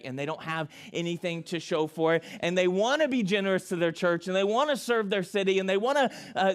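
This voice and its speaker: High-voiced man preaching a casual sermon. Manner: conversational, self-correcting, quick asides. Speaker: pastor.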